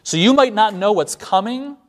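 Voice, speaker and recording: A man with a slightly high voice lectures a seminary class, explaining ideas step by step. He slows down to recite lines of verse. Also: lively intonation.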